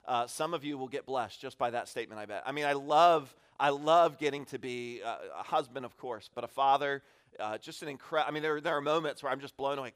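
A man's voice: medium pitch, a little fast, clean tone. A man in his thirties giving a conversational, self-deprecating sermon as a guest pastor in a church, acting out little asides as he talks. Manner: candid, self-deprecating, animated with acted-out asides. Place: church sanctuary.

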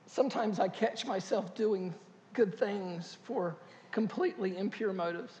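A male pastor preaching a sermon, animated and joking, with loud bursts. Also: high voice, a little slow, highs cut off. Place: large church hall. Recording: echoey church hall.

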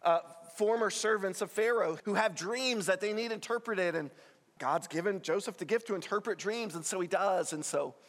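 A man's voice: high voice, normal speed, fairly bright tone, big-room sound. A male pastor giving an earnest, conversational sermon, rising with emphasis on key points.

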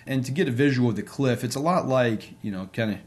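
A man's voice: mid-range voice, fast. A man, an interview guest and sports coach, telling a personal story in a casual, conversational way with many fillers.

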